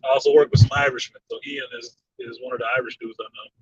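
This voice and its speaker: A man hosting a casual fan chat show, reading viewer comments, animated, laughing often and swearing freely. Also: medium pitch, fast. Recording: slightly distant dull mic with faint noise.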